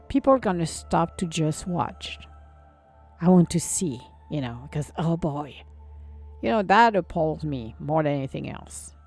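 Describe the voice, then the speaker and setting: A woman's voice: on the low side, mellow, no room sound. Woman, blunt tough-love self-help podcast, cusses a lot, dry close mic, faint music under. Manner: blunt, swears freely, tough-love pep talk. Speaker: podcast host. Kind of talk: solo self-help talk.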